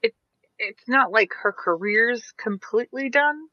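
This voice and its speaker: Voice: medium pitch, expressive, a little slow, no room sound, dull audio. A player in a tabletop game, agreeably reasoning through the case.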